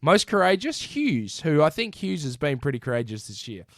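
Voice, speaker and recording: A man with an Australian accent co-hosting a casual sports podcast, reading off stats in an animated way and calling his co-host mate. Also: fairly high pitch, normal speed, no room sound, studio quality. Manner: animated, rattles off stats, says mate a lot.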